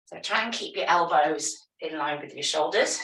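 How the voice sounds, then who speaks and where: A woman teaching a yoga class, giving calm, step-by-step movement and breathing cues. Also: deep voice, moderate pace. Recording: echoey room, voice from a distance.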